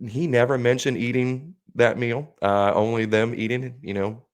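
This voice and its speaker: A man's voice: mid-range voice, fairly even intonation, moderate pace, clear, resonant tone. A man co-hosting a podcast, telling a story casually and animatedly, acting out what his friends said and swearing freely. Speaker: podcast co-host.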